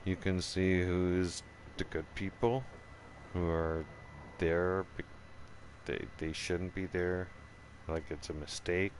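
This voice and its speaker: A channel host with a deep, low voice and a level tone tells a story at an unhurried pace. He's casual, profane, and rambling, restarting often and repeatedly asking "right?". A faint hiss runs under the recording.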